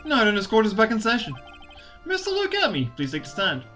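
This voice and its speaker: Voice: medium pitch, huge pitch swings, a little fast, fairly bright tone, soft background music. A streamer voicing a stern older male judge from a visual novel game, reading the lines formally and stiffly, with a few stumbles.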